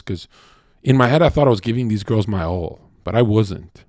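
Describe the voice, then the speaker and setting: A male livestreamer in a casual monologue. He is blunt, crude and profane, rambling with lots of fillers and swinging between loud bursts and low mutters. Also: expressive, fairly quick, no echo, studio quality.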